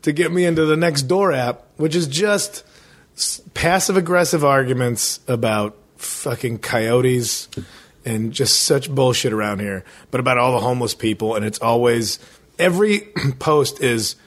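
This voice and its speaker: A man's voice: mid-range voice, measured pace. Male podcast co-host, wry joking banter in casual chat.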